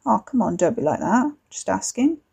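A woman's voice: medium pitch, very animated, moderate pace, vocal fry, warm tone, slightly rough, full character voice. A woman voicing a cocky young man who mocks and taunts his cousin over the phone. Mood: taunting. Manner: smug, mocking, drawling.

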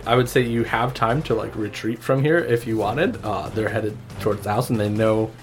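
A man's voice: lowish voice, fairly even intonation, normal speed, soft background music. A man narrating as game master in a casual way, full of fillers and laughs.

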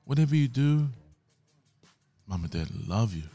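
A man's voice: mid-range voice, big pitch swings, normal speed, warm tone, soft background music. A man, a guest singer, talking earnestly in casual chat, often asking "you know what I mean". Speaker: guest, singer and worship leader.

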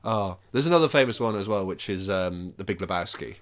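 Low-voiced man joking around. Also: lively intonation, fairly quick. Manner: joking, swears freely, bursts into loud mock movie lines. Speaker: podcast co-host. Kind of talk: casual chat.

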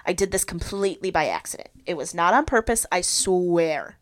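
Young woman podcaster, lowish voice, spilling a personal story all animated and confessional. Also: normal speed. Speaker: podcast host.

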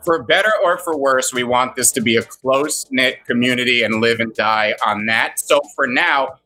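Bright, husky-voiced man chatting. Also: medium pitch, low-quality recording. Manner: jokey, riffs with mock accents. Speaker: show co-host. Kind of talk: casual podcast chat.

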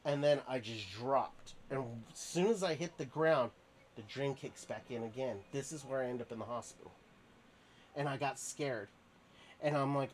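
A man's voice: medium pitch, moderate pace, slight background noise. A man, a podcast guest, tells a story in a casual, rambling way with lots of fillers and restarts.

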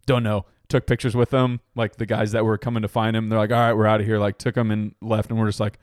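A man's voice: on the low side, little pitch movement, a little fast, a little mellow, no room sound. A man tells a rowdy party story on a casual podcast. He swears freely and laughs often as he talks. The sound is dry and close. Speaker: podcast co-host.

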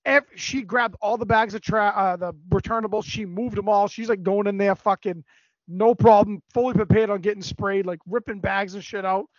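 A man on a podcast telling a long story in a casual, animated way, swearing a lot. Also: sits high, moderate pace, no room sound. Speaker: podcast co-host. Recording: dry, dull lo-fi recording.

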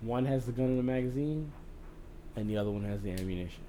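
A man co-hosting a podcast in casual chat, telling stories in an animated way and acting out other people's voices. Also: medium pitch, fast talker, a little hiss or hum. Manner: animated storytelling, acts out voices. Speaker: podcast co-host.

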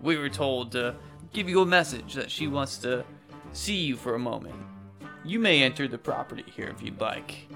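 Greedy goblin guard, male, pushy and shouty, pitched up with a gravelly edge, put on by a man running a tabletop game. Faint music runs underneath. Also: animated, moderate pace. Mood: bossy. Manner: pushy, bargaining, shouty bursts.

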